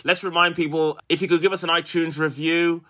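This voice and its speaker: Bright-voiced man in his thirties, chatting. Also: a little high, little pitch movement, a little fast. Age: 30s. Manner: laid-back, rambling, frequent laughter. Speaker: podcast co-host and comedian. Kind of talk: casual chat.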